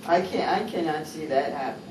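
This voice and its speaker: A woman's voice: low voice, brisk, over a noisy crowd. A woman in a contract bargaining session, skeptically questioning the other side. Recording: distant, roomy meeting-room recording.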